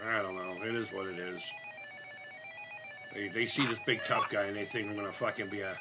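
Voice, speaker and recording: A man hosting a live gaming stream. He is sick, and his voice sounds higher than usual. He chats casually, cracks jokes, swears a lot, and shouts at the game. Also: a little fast, background noise. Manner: profane, joking, loud outbursts at the game. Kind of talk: casual live-stream chat while playing.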